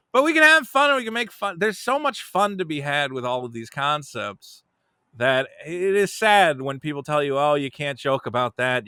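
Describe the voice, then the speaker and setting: A man's voice: a little high, no room sound. A man, a comedian, talking casually as an interview guest and animatedly acting out quotes. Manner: animated, jumps into quoted voices.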